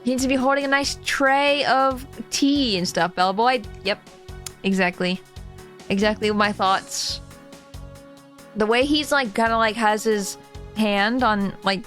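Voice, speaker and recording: A woman streamer giving live commentary as she plays a game, excitable, laughing, shrieking and swearing. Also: medium pitch.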